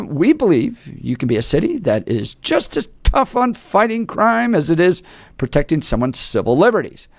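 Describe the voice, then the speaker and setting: A man's voice: fairly high pitch, no echo. A man co-hosting a talk radio show, teasing his partner and reading a news story aloud. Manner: animated, teasing, laughs often. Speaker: radio co-host.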